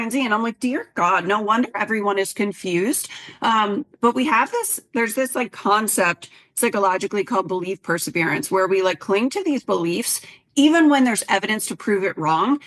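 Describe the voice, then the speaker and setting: Chatty woman podcast co-host. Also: medium pitch. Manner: chatty, animated quoting of clients. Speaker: podcast co-host, health coach. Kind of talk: casual podcast chat.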